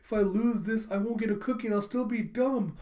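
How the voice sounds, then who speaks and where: A man's voice: high voice, normal speed, a little mellow, close to an everyday voice. A man doing a panicky little schoolgirl. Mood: panicked. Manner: anxious, rambling fretting. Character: small excitable girl schoolkid.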